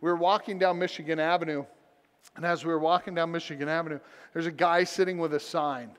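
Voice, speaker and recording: A man's voice: fairly high pitch, steady tone, fast talker, a bit bright, clear, resonant tone. A man preaching a sermon as pastor, telling a personal story with self-deprecating humor. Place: church sanctuary. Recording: long church reverb.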